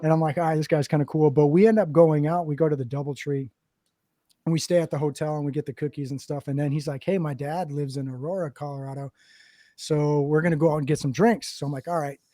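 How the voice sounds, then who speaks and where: Man, podcast host, dark mellow tone, fairly high voice, animated profane storytelling, dry close mic. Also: fast talker, no room sound. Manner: animated, profane, acts out quotes. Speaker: podcast host, Marine veteran. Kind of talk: casual storytelling.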